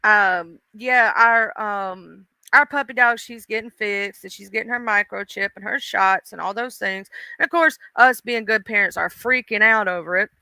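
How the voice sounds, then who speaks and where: A woman's voice: mid-range voice, moderate pace, few pauses, bright, forceful tone, clean tone, no echo. A woman hosting a casual livestream, chatting emotionally and greeting viewers in chat by name. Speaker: livestream host.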